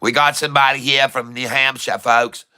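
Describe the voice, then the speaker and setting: A man hosting a casual livestream, chatting warmly and reading out where viewers are from. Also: medium pitch, level tone, normal speed, clear, resonant tone. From Michigan. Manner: chatty, reads out viewers' locations. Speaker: livestream host.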